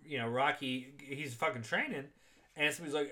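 A young man casually recapping a movie on a podcast, swearing a lot and laughing through animated retellings. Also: mid-range voice, fairly quick. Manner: profane, laughing, animated retelling with quoted voices. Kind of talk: casual chat.

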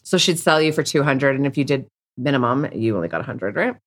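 Low-voiced woman, blunt. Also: animated, fast. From Canada. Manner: blunt, rambling, many restarts. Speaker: podcast guest. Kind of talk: candid interview conversation.

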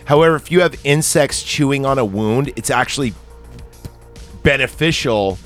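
A man's voice: medium pitch, expressive, normal speed, faint music behind. Rambling, crude-joking man chatting about a film. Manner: rambling, joking, crude, trails off mid-thought. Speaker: podcast co-host. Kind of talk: casual movie discussion.

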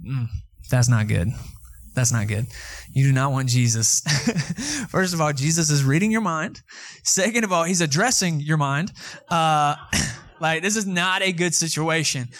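A male pastor, preaching a conversational sermon and telling a story with lively asides to the congregation. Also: a little high, measured pace.

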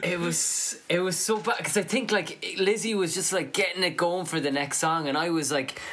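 A woman drummer with a low voice chimes in bluntly and laughs through her side of the story. There is a faint hiss under her voice. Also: moderate pace, a bit bright. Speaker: drummer guest. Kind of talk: casual chat.

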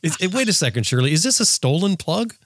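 A man's voice: a little high, big pitch swings, fast talker, noisy background. A man hosting a podcast chat, playful and teasing as he steers the talk. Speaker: host. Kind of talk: casual group chat on a podcast.

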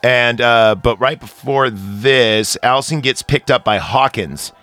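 A man's voice: medium pitch, unhurried, a bit bright, soft background music. A man co-hosting a podcast, casually recapping a horror movie with crude jokes. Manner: crude, joking, quotes characters in bits. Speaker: podcast co-host.

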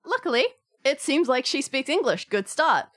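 A woman narrating a tabletop game as game master, with lively, laughing asides. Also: sits high, normal speed.

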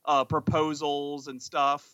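A man with a bright, somewhat high voice chats eagerly and rambles, restarting his sentences often. The sound is dry and a little dull, like a home podcast mic. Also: little pitch movement, slow, smooth, dry recording. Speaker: podcast co-host. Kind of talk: casual chat.

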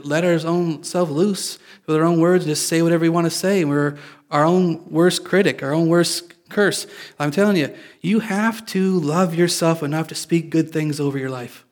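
A man's voice: a little high, moderate pace, a little mellow. A man preaching a sermon in a casual, confessional way, joking with his listeners. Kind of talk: conversational sermon.

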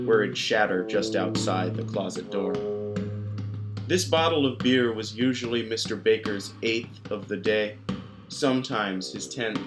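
A man reads a dark tale aloud at an unhurried, deliberate pace, his voice sitting a little low. Loud plucked guitar music plays under his narration throughout. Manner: slow, measured storytelling. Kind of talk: scripted horror narration.

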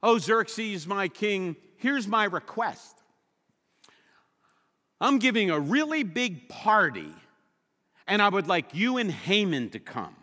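A man's voice: high-pitched, sing-song, slow, long pauses, bright, forceful tone, long reverb tail, voice pushed up, exaggerated voice. A man voicing a shrewd, gracious young queen in a polite, sweet-talking manner, during a sermon retelling. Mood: coaxing.

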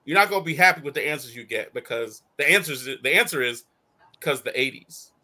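Brief: bright, lively male talk-show host who riffs and laughs a lot. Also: mid-range voice, brisk. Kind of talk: casual chat.

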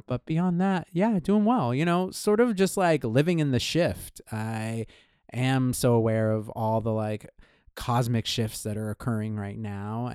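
Smooth-voiced easygoing man co-hosting. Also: lowish voice, darkish tone, no room sound, studio quality. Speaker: podcast co-host. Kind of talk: casual chat.

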